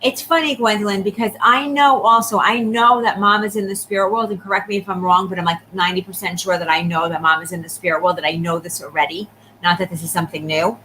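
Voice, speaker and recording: A woman giving a live psychic reading, talking quickly and checking in often with the person she reads for. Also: mid-range voice, steady tone, pushed and bright, a little hiss or hum, low-quality recording. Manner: rapid, repeatedly checking in with the sitter. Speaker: psychic medium.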